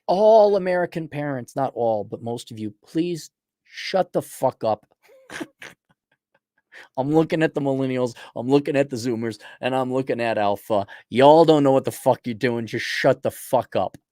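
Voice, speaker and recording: A man's voice: mid-range voice, darkish tone, no room sound, studio quality. A man hosting a show and ranting in a blunt, crude and combative way. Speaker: podcast host. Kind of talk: profane rant.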